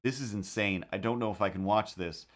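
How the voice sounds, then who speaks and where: A man hosting a livestream, chatting casually while he draws and telling rambling, animated stories with quick put-on voices. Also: lowish voice. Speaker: livestream host. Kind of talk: casual chat while drawing.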